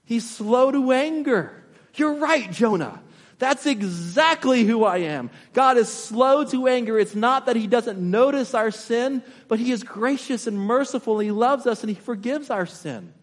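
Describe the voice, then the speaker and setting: A man's voice: very high voice, moderate pace, few pauses. A man preaching a sermon as pastor, impassioned and putting rhetorical questions to his congregation. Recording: long reverb of a large hall.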